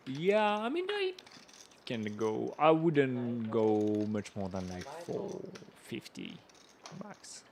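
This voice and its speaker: A man with a French accent commentates a live poker game. He reacts to every card with excited gasps and easy laughter, his voice sitting at an ordinary middle pitch. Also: slow pace.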